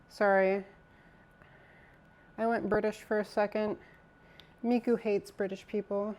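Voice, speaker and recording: Slow-talking casual woman streamer. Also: medium pitch, little pitch movement, a little mellow. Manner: chatty, talks to chat while assembling a PC; swears casually. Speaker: live streamer. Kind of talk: casual live-stream chat.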